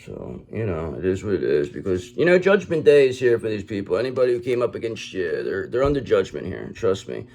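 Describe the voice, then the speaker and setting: A man with a lowish voice reads tarot in a tough, street-smart manner. He swears freely and talks to the viewer as if advising a friend. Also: wildly swooping pitch, brisk, gravelly, hardly any pauses, darkish tone, slight background noise. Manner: blunt, streetwise and profane, addresses the listener directly. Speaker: tarot reader. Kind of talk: online tarot reading.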